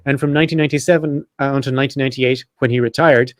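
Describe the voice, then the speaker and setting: Fast-talking man hosting a podcast. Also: mid-range voice, fairly even intonation, dry recording, studio quality. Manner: casual and profane, quick asides. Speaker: podcast host. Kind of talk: casual podcast chat, reading notes.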